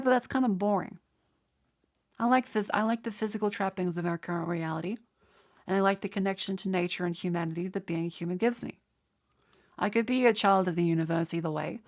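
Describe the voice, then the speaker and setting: A woman's voice: medium pitch, brisk. Nasal Australian woman with a cold. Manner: rambling with many restarts. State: has a cold. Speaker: streamer. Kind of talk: casual chat, answering chat.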